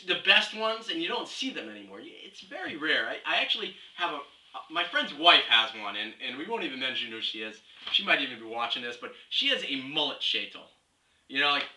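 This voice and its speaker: Rambling young man with a bright voice. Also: fairly high pitch. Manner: rambling, scatterbrained, jumps between topics; mock-serious absurd reasoning. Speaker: comedy video blogger. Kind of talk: rambling comic rant. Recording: roomy, distant, faint hiss.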